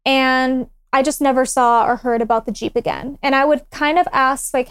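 A woman's voice: high voice, moderate pace, hardly any pauses, smooth, no echo. A young woman in her twenties, a podcast guest telling a personal story in casual chat and acting out the lines of the people in it. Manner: animated, acts out quoted dialogue.

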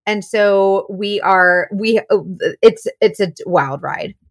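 A woman from Florida with a Southern accent, co-hosting a podcast in bubbly casual chat and laughing often. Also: medium pitch. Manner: bubbly, laughs often, drawn-out filler words. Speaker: podcast co-host.

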